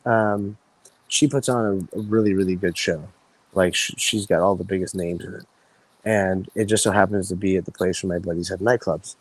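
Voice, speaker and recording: A man in his thirties, a podcast guest, telling rambling stories in casual chat with many restarts and lively quoted voices. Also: low-pitched, moderate pace, poor audio. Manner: rambling, animated voices when quoting friends, frequent restarts.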